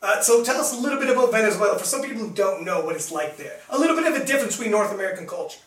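A man hosting a relaxed interview show in a very high voice, talking casually with plenty of fillers and quick laughs. He sits away from the microphone in an echoey room. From Canada. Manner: chatty, laughs easily, many fillers. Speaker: podcast host. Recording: echoey room, distant mic.

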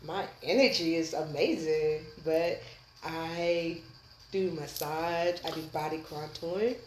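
A woman's voice: deep voice, takes it slowly, roomy sound, a little hiss or hum, low-quality recording. A woman who runs a massage business, a guest on a podcast, chatting in an easygoing way and laughing often. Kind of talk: casual podcast interview.

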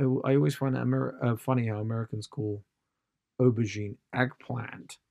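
Casting: British male comic with a gravelly, creaky voice for a dry, close podcast rant. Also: medium pitch, darkish tone, dry recording. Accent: British English. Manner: ranting, slangy and swearing. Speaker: podcast host, stand-up comedian. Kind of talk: comedic podcast monologue.

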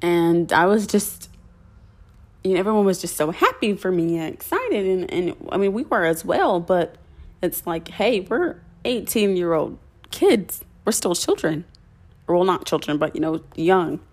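A young woman talks straight to her listeners, recounting her own story. Her voice sits a little low for a woman. She rambles warmly, full of fillers and false starts. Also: animated, unhurried. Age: young adult. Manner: chatty, many fillers and restarts. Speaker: podcast host.

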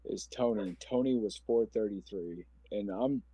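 Man in his 40s, from Omaha, Nebraska, podcast guest, earnest, rambling, emotional, warm mellow tone, dry close sound. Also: fairly low pitch, a little slow, slightly rough, dry recording. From Omaha, Nebraska, USA. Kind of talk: personal storytelling interview.

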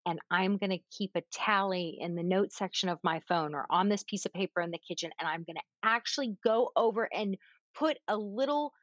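A woman parenting coach giving advice in casual conversation, animated, demonstrating calming breaths with audible sighs. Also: mid-range voice, brisk, no echo, lo-fi sound.

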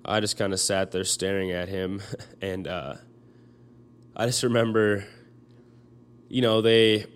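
A young man telling a personal story in a halting way, full of fillers and restarts, choked up as he speaks. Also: on the low side, fairly even intonation, a little hiss or hum.

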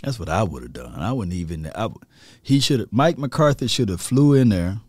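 A man's voice: fairly low pitch, animated, normal speed, a little mellow, dry recording. A man ranting animatedly about football as a fan commentator, laughing at himself.

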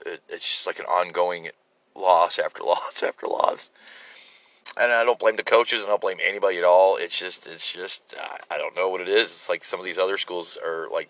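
A middle-aged man with an American accent rambles bluntly into a phone while sitting in a parked car. His voice sits fairly low but rings bright and forceful. He stumbles, restarts and pads his talk with fillers. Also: dry recording. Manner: blunt, self-deprecating, many fillers and restarts. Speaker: podcast host. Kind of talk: casual rambling monologue.

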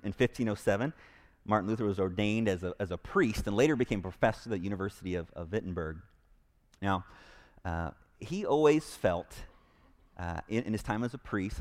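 Here a man, a pastor, preaches in church before a live congregation, his voice low. Earnest and emphatic, he keeps repeating key phrases and restarting his sentences.

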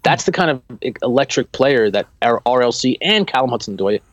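A man co-hosting a casual football podcast, talking in an animated, rambling way with many restarts. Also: mid-range voice, brisk, no echo, muffled recording. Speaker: podcast co-host.

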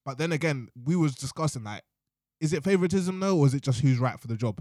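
A young man, chatting casually as a podcast co-host, animated, slangy and laughing often. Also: on the high side, fast, no room sound, clean studio sound. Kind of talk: casual chat.

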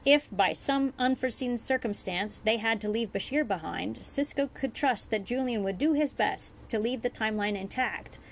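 A woman reading her own fan fiction chapter aloud in a measured, earnest storytelling voice. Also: fairly high pitch, slight background noise. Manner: measured, earnest storytelling with small self-corrections. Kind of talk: audiobook-style reading.

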